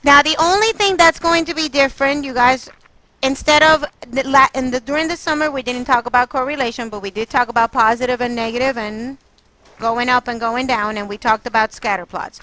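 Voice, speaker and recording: A woman's voice: sits high, a little fast, bright, forceful tone, low-quality recording. A woman math teacher leading a classroom lesson, quizzing her students and coaxing answers out of them. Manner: coaxing, quizzing students, exasperated then apologetic.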